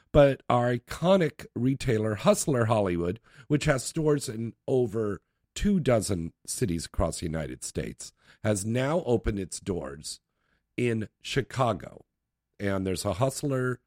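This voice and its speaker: A man's voice: medium pitch, darkish tone, no echo, clean studio sound. A man hosting a late-night talk radio show, chatty, brash and joking with callers.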